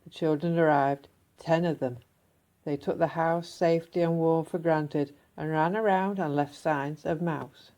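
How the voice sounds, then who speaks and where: Woman, storyteller, children's read-aloud, slightly low voice, expressive, slows for emphasis.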